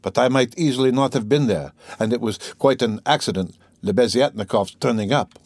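A man's voice: mid-range voice, fairly quick, darkish tone, no room sound, clean studio sound, close to an everyday voice. A man playing a brooding, irritable young man. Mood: tense. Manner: agitated, peevish, probing.

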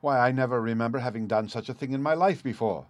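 A man's voice: medium pitch, fast, dry recording, lightly acted. A man voicing a nervous young wife with a faltering, breathless manner, in a dry close recording. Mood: flustered.

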